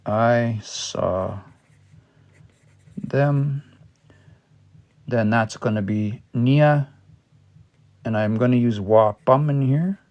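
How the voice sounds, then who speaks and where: A man's voice: medium pitch, a little slow, highs cut off. A man leading a casual livestream language lesson. He thinks aloud and spells words out letter by letter while patiently working through examples. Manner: explains patiently with worked examples. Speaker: language learner teaching a livestream study session.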